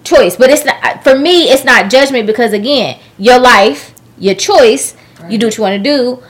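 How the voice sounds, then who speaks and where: A woman's voice: fairly high pitch, moderate pace. Rambling, reflective woman podcast host. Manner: reflective, rambling, many "you know what I mean". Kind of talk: casual chat.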